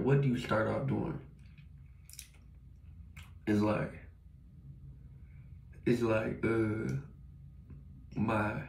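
Young male vlogger, gravelly, slangy and profane, rambling home monologue, echoey room. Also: lowish voice, darkish tone, slight background noise. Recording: roomy echo.

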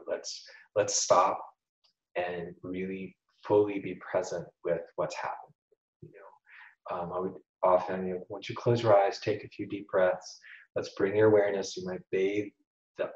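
A low-voiced man talking as a psychologist guest, reflective and unhurried, often quoting sayings and breaking into laughs. The recording sounds roomy and a little dull. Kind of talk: casual interview talk.

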